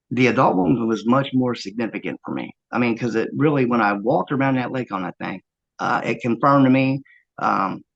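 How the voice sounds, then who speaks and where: A man earnestly recounting a first-hand encounter, halting often with fillers as he tells it. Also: lowish voice, vocal fry, a bit bright, dull audio. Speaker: eyewitness interviewee.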